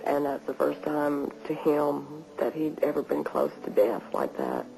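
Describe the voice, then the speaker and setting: A woman with a Texan accent, the boy's mother, speaking slow and reflective. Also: sits low, sing-song, creaky, dark tone, faint music behind, poor audio. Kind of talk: documentary interview.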